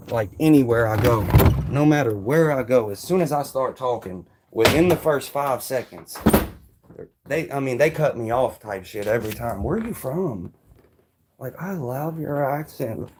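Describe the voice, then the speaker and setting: A man with a Louisville, Kentucky accent talks loosely to his livestream viewers, slangy and rambling. His voice is soft and a little raspy, sitting in an ordinary middle register. Faint crickets and insects chirp in the background. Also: medium pitch, normal speed, background noise. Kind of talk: casual livestream chat.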